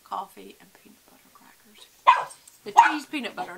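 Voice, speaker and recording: Chatty woman with a bright voice. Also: medium pitch, expressive, normal speed, creaky. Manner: chatty, rambling, addresses viewers as y'all. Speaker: vlogger. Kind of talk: casual chat to camera.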